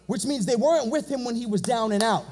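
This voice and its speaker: A male pastor preaching a fervent sermon in a church, repeating phrases and building to shouts. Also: extremely high pitch, fast. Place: church sanctuary.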